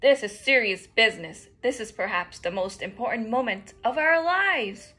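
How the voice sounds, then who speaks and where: A woman's voice: a little high, expressive, moderate pace, sharp tone, husky, heavily acted. A woman voicing an earnest, solemn goose in a storybook read-aloud. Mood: serious.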